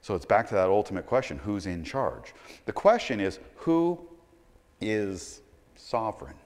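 A male pastor preaching a sermon, swinging between loud emphatic stretches and quiet low asides, often repeating words as he starts a sentence. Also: very animated, a little slow, in a large hall.

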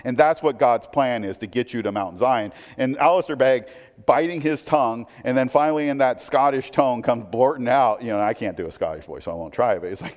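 A man gives a sermon in a relaxed, talky manner, regularly turning to his listeners with quick asides. His voice sits at an average pitch and carries a long, lingering reverb from the hall around him. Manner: conversational preaching, frequent "right?" asides. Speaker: pastor.

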